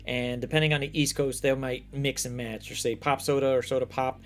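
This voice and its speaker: A man from the United States hosting a casual chat show, telling stories in a lively, profane way. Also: mid-range voice, fairly quick, slight background noise. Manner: animated, profane storytelling. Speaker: host.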